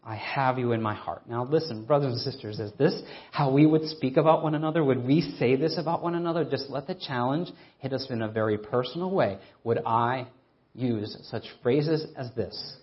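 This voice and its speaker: A man preaches a sermon in an earnest, emphatic style, posing rhetorical questions and slowing down to stress scripture readings. His voice is medium-pitched and the sound is lo-fi.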